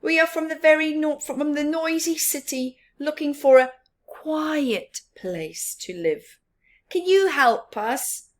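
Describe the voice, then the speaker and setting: A woman voicing an excited, noisy fox in a read-aloud storybook, loud and high. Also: takes it slowly.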